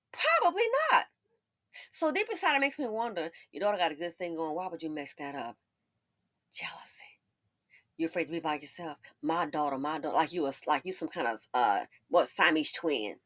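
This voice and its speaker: Bright animated lady doing commentary, sassy, laughs a lot, acts out quotes. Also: low voice, brisk. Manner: sassy, folksy. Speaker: commentary channel host. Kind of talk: casual commentary and storytelling.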